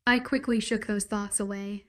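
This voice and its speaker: A woman narrating a first-person romance audiobook with an even, steady reading. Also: medium pitch, normal speed.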